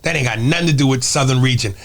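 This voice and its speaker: A man's voice: mid-range voice, very fast, gravelly, a little hiss or hum. A man guest comedian in casual chat, making his points bluntly and emphatically, with some profanity.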